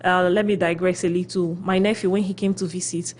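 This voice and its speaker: Animated woman giving radio relationship advice. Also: on the low side, fairly quick. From Philippines. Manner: animated storyteller, acts out quotes; often adds "okay?" to check in. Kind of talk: radio talk show advice.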